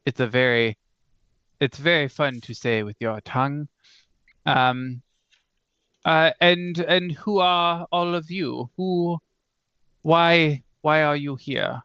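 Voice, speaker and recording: A man voicing a smooth, sinister male tower patron who sips wine, speaking with a halting put-on accent. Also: mid-range voice, steady tone, pushed and bright, dry recording, dull audio. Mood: courteous.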